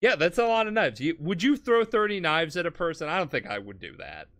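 Drunk on a comedy podcast, a man gives a meandering, profane retelling of an anime plot, jumping into the characters' lines for quick moments. His fairly high voice swings widely in pitch and has a fairly bright tone.

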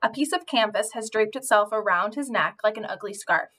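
A woman reading a children's novel aloud, telling it in an expressive first-person voice. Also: mid-range voice, fairly quick. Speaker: audiobook reader.

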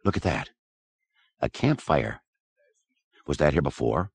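A man playing an uneasy young writer in a spoken horror story, with a deep, low voice. He sounds tense and short-tempered in a dry, close recording. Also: very animated, measured pace, vocal fry, husky, dry recording, full character voice.

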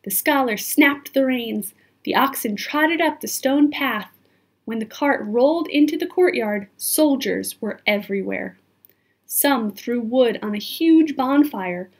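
Breathy woman reading a storybook aloud. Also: on the high side, unhurried. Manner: expressive, chats to the listener. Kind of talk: children's book read-aloud.

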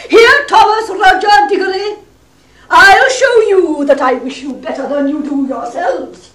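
A woman's voice: extremely high pitch, a little slow, a bit bright, distant mic. An actress playing a domineering middle-aged country mother who rants with scorn and sarcasm, in a 1960s stage play recording. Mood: scornful.

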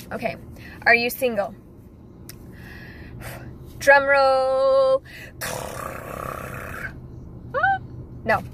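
A woman's voice: on the high side, sharp tone, a little hiss or hum, rough recording. A young woman with no accent, a model chatting casually to her viewers, giggly and direct. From United States. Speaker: model and vlogger. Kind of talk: casual chat to camera.

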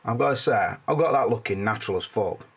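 A man's voice: on the low side, expressive, fast talker, fairly bright tone, slightly rough. A man reviewing a toy figure in a casual, jokey video, swearing freely as he tells stories.

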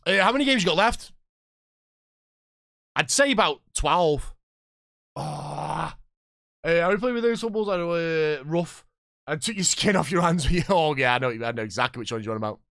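Excitable man in his thirties. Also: fairly high pitch, normal speed, vocal fry, long pauses, no echo, clean studio sound. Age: 30s. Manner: excitable, chatty, reacting loudly to the match and chatting with viewers. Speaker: streamer playing a football management game. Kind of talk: live gameplay commentary and chat.

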